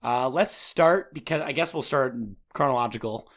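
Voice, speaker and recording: A man's voice: mid-range voice, normal speed, a bit bright. A man hosting a casual sports podcast, rambling and repeating words as he talks. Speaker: podcast host.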